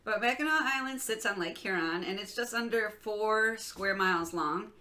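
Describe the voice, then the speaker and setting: Giggly woman co-host, bright tense voice, loose rambling storyteller, casual podcast chat. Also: medium pitch, normal speed. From Michigan.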